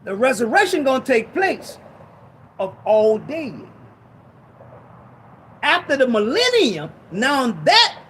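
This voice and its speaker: Male preacher, very high and animated voice, exhorting, slow scripture reading. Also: a little hiss or hum, rough recording. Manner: exhorting, reads scripture slowly and repeats lines. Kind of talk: sermon teaching.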